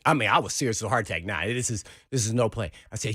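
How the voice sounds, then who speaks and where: A man co-hosting sports talk radio, telling an animated story and acting out the quotes. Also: lowish voice, racing, breathy edge, no room sound, clean studio sound. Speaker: sports radio co-host, former player.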